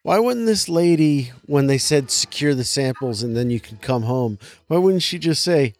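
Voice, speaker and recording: Man, podcast co-host, dry close sound, wry quick quips, casual movie chat. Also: medium pitch, animated, darkish tone, no echo.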